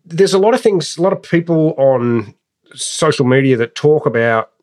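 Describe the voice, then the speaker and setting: A man's voice: on the high side, animated, moderate pace, darkish tone. A man hosting a sales podcast, asking questions in an easygoing, somewhat hesitant way. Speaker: podcast host. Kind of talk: podcast interview.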